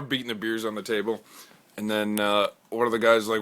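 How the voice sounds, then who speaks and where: A man casually pitching a skit idea, rambling and stumbling over his words with crude language. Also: level tone, fairly quick, a bit bright.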